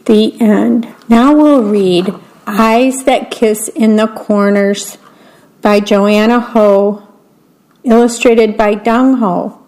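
A woman's voice: a little high, steady tone, a little mellow, low-quality recording. A woman reading children's picture books aloud, patiently describing each picture as she goes. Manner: slow, plain and patient, pointing out the pictures. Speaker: story reader.

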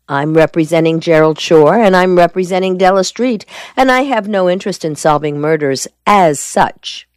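A woman's voice: low-pitched, dry recording. A woman reading as a cool, shrewd male lawyer. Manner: cool, measured and evasive.

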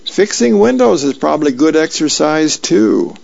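A man's voice: a little high, expressive, normal speed, creaky, a little mellow, pitched above the performer's own voice, heavily acted. A man voicing a cheeky young grandson from a comic strip, speaking in a teasing way. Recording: dull lo-fi radio.

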